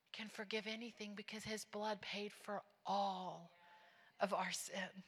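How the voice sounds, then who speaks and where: A woman preacher giving a testimony sermon, telling her story plainly and rising into loud, fervent preaching. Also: medium pitch, big-room sound. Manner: storytelling, drops to a hush, then builds to loud preaching.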